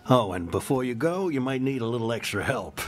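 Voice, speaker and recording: A man's voice: medium pitch, lively intonation, brisk, lightly acted. A man voicing a weary, grumpy alien boss in a video game, sarcastic and jaded.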